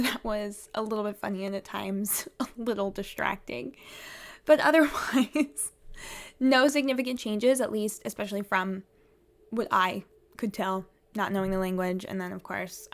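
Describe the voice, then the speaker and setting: A woman's voice: medium pitch, creaky. A woman vlogging about theatre in a chatty, rambling way, laughing often. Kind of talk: casual vlog chat.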